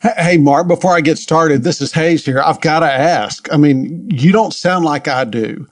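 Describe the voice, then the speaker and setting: A man's voice: on the high side, normal speed. Jokey male podcast co-host. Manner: jokey, friendly teasing. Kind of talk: podcast interview.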